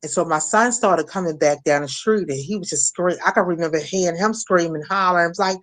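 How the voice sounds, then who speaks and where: A middle-aged woman from Maryland recounting a personal ordeal as an interview guest, halting with many restarts and fillers. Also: lowish voice. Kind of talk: emotional personal testimony.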